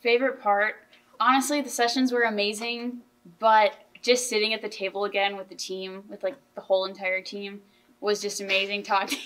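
Bright-voiced teenage girl hosting. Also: mid-range voice, flat delivery, moderate pace, poor audio. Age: teens. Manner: earnest, enthusiastic with frequent restarts. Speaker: podcast host. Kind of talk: casual chat.

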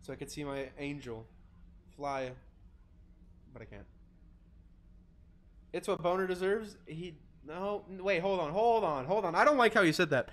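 A man's voice: high voice, expressive, normal speed, long pauses, a bit bright. Joking, swearing young male streamer. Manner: joking, sarcastic, swearing, chatty. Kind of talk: casual live-stream chat.

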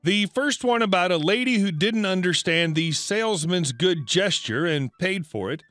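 High-voiced man narrating a story. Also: lively intonation, moderate pace, sharp tone, dry recording. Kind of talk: scripted narration. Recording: dry close voice with faint music.

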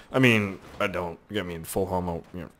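A man giving excitable, rambling let's play commentary, yelping and swearing at the action on screen. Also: low voice, measured pace, slight background noise. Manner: excitable, yelps and laughs at crashes, heavy swearing; rambling running commentary to himself. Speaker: gaming YouTuber.

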